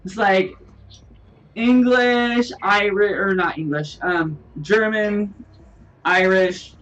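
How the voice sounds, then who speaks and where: Woman race host, casual jokey commentary, mid pitch, slightly distant mic. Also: takes it slowly, fairly bright tone, highs cut off. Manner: chatty, laughing, playful asides. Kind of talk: live sim racing commentary. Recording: distant mic with faint noise.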